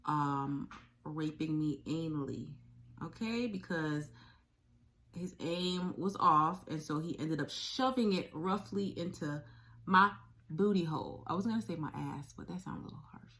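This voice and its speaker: A woman telling her own story to her viewers, speaking frankly with swearing, halting often and repeating her phrases. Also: sits low, a bit bright. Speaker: video blogger sharing a survivor story. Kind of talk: candid personal storytelling.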